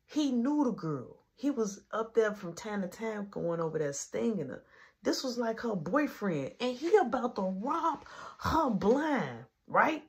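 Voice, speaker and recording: A young woman telling a story from her life in a casual, animated way, rising to loud exclamations and dropping to hushed asides. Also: fairly high pitch, a little slow.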